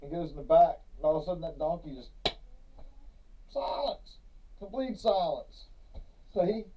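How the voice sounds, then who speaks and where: A man's voice: fairly high pitch, fairly even intonation, very fast, warm tone. A man, co-hosting a podcast and telling a long joke in a laid-back way, chuckling between lines. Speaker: podcast co-host. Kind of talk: casual chat, telling a joke. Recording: distant mic, dull lo-fi sound.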